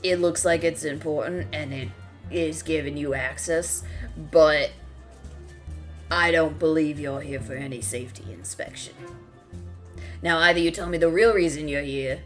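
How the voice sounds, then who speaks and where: A woman's voice: low voice, moderate pace, close to an everyday voice. A woman voicing a nervous male snake-folk security guard who goes by the book, with faint music behind. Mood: stern. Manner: anxious, pleading, by-the-book.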